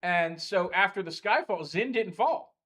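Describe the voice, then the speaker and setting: A man's voice: sits high, lively intonation, a little slow, fairly bright tone. A man acting as dungeon master, chatting casually on a livestream in a game store and rambling through game lore with lots of fillers.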